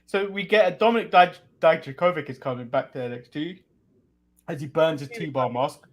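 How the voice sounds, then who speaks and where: Bloke, slightly high voice, runs through the week's matches, lots of ums and swearing. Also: male voice, moderate pace. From England. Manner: recaps events in order, swearing, with many ums. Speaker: co-host. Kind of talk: casual wrestling recap chat.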